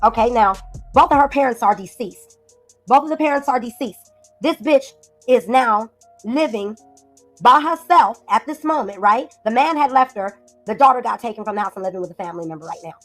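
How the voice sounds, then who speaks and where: A woman's voice: on the high side, expressive, a little fast, fairly bright tone. Angry, profane woman ranting over music. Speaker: commentary channel host. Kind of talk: heated livestream commentary. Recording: light background music.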